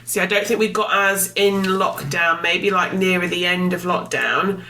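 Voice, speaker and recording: A woman's voice: fairly low pitch, normal speed, sharp tone, distant mic. A woman co-hosting a podcast in casual chat, teasing and matter-of-fact. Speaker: podcast co-host. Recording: echoey room with faint hiss.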